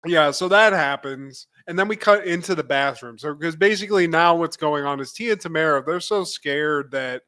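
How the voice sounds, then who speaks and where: A man's voice: a little high, moderate pace, hardly any pauses, bright, forceful tone, clear, resonant tone. Laid-back man recapping with laughs. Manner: loose, laughing storyteller; keeps addressing co-host by name. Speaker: podcast co-host. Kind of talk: casual podcast recap.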